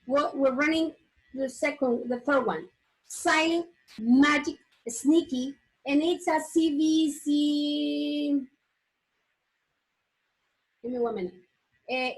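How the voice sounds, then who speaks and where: A woman teaching a phonics lesson, whose first language is Spanish. She says words slowly and repeats them, restarting often and checking with the class. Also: high voice, poor audio.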